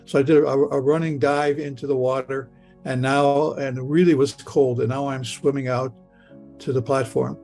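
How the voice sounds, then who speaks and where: An older man telling his own story in a halting, stammering way, with frequent restarts. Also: medium pitch, flat delivery, gravelly, darkish tone, faint music behind. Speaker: storyteller recounting a near-death experience. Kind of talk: personal storytelling.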